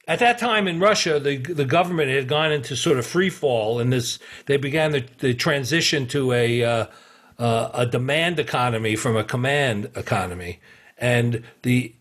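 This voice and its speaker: Husky middle-aged guy on a podcast, rambly storyteller, lots of uh and you know, medium pitch. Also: fairly bright tone. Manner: rambling, many fillers and restarts, chuckles often. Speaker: podcast guest. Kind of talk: casual anecdotal storytelling.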